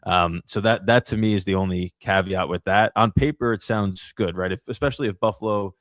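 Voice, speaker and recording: Deep-voiced man in casual sports talk. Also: fairly quick, fairly bright tone, no room sound. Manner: speculative, thinks aloud with restarts. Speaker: podcast co-host.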